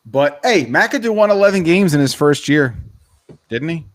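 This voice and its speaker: A man hosting a sports podcast in a casual, animated, opinionated way. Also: fairly high pitch, normal speed, no echo, clean studio sound. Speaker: podcast host.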